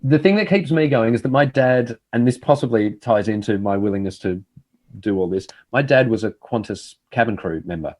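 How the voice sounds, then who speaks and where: A man's voice: fairly low pitch, animated, moderate pace. A middle-aged man, a TV host, telling a reflective story in casual conversation.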